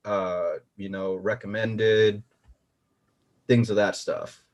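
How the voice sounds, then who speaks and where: A man's voice: on the low side, little pitch movement, takes it slowly, a little mellow, muffled recording. A man co-hosting a casual chat who jokes, acts out little scenarios and reads questions with many fillers. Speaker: co-host.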